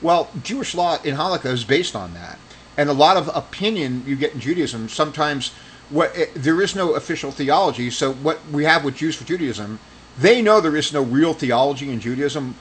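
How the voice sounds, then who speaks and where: A man's voice: fairly high pitch, animated, moderate pace, fairly bright tone, poor audio. Heated argumentative man with faint noise. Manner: rambling with restarts. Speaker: religious commentator. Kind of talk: casual monologue.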